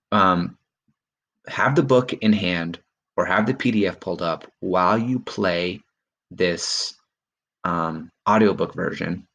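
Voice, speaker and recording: A man's voice: low voice, creaky, fairly bright tone. A male teacher giving a recorded remote lesson to his students, encouraging and loose, with many ums and okays.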